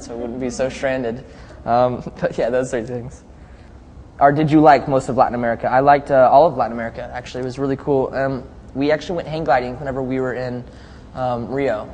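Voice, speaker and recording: A man's voice: mid-range voice, a little mellow. A young man, a pop singer, chatting easily in a casual live video chat. He reads out fan questions and laughs often as he answers them. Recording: faint noise, long reverb.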